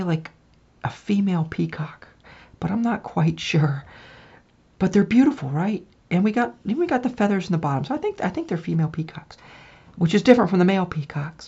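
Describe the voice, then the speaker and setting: A woman's voice: lowish voice, dark tone, breathy edge, muffled recording. A woman giving a casual spiritual tarot reading, chatty and often checking in with the listener. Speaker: tarot reader.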